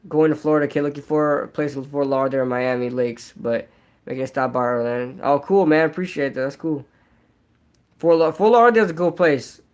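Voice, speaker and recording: A young man with a nasal, high-pitched voice chats casually on a live stream. He rambles, piles on fillers like "like" and "um," and restarts his sentences. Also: smooth. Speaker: sports vlogger.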